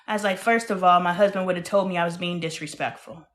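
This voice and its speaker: Frank, animated woman in her thirties, host of a casual live-stream monologue, loud one moment and hushed the next. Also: lowish voice, fast talker.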